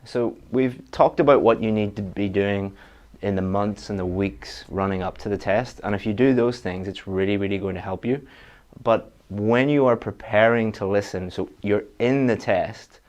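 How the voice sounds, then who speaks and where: A man's voice: fairly low pitch, normal speed. A man giving a direct, practical online exam-prep lesson, with frequent restarts. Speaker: IELTS teacher.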